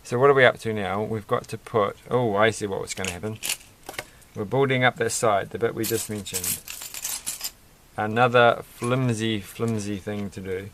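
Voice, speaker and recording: A man's voice: on the low side, steady tone, moderate pace, noisy background. A man chatting casually while building a Lego set, rambling and musing with a self-deprecating manner.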